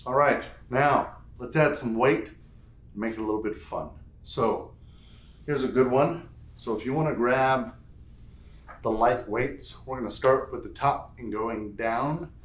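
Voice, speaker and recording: A man's voice: mid-range voice, a little slow. A man leading a home strength workout, counting reps aloud and adding playful asides. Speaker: fitness instructor. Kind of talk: guided workout instruction. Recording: echoey room.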